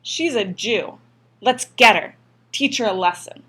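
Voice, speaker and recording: A woman voicing a hateful man in a street mob, yelling. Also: medium pitch, lively intonation, moderate pace, breathy edge. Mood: jeering. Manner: yelling, jeering.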